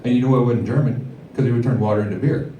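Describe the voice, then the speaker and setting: A man doing a stand-up set at a comedy club, with a rambling, deadpan delivery full of fillers. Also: mid-range voice, fast, highs cut off, background noise. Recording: echoey club, heard from far off.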